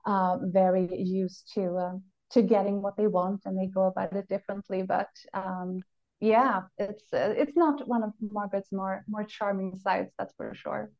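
A woman's voice: medium pitch, fairly even intonation. Thoughtful woman, slightly muffled. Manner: reflective, analytical, halting with pauses. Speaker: podcast co-host. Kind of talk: casual chat.

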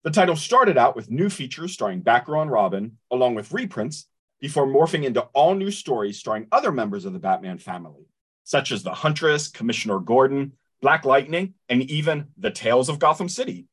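Husky, animated male co-host. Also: medium pitch, fairly quick. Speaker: podcast co-host. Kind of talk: casual chat and read introduction.

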